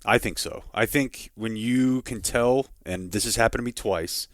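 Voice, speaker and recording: A man co-hosts a podcast and makes dry, wry remarks. He speaks at an ordinary middle pitch. He is recorded on a close, dry mic. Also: normal speed, no echo. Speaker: podcast host. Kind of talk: casual podcast chat.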